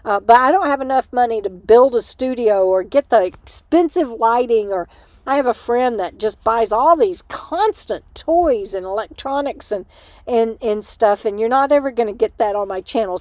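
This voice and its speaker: Her fairly high, slightly mellow voice moves at a moderate pace with no room sound. She's an older woman running a casual livestream from a small room inside an RV, reading comments, giggling and filling her chat with fillers despite being short on sleep.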